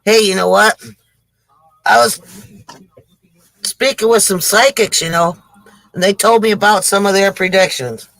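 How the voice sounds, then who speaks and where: Casting: breathless man telling jokes on a livestream, high voice, dry close sound, chatty with viewers. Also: unhurried, creaky, pauses often, fairly bright tone, dry recording, low-quality recording. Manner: chatty, addresses viewers as folks. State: short of breath, on oxygen. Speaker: livestream joke teller. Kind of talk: casual livestream joke telling.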